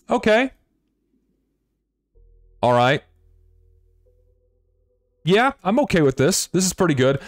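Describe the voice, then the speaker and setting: A man livestreaming, chatting to his viewers and muttering to himself as he fiddles with his settings, swearing often. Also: on the high side. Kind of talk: live stream chatter.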